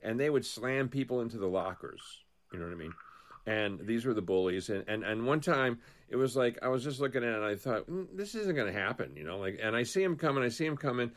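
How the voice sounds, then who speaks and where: A man co-hosting a casual political talk show, rambling and animated, telling stories with many restarts. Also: mid-range voice, fast talker.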